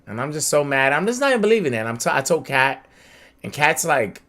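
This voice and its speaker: A man's voice: fairly high pitch, fast talker. A young man co-hosting a casual podcast chat, telling stories animatedly and acting out the people he quotes. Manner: animated storyteller, acts out quotes. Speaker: podcast co-host.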